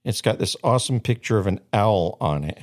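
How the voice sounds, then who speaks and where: A man's voice: fairly low pitch, lively intonation, a little fast. A man co-hosting a podcast in casual chat, chatty and laughing often as he tells stories. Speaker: podcast co-host.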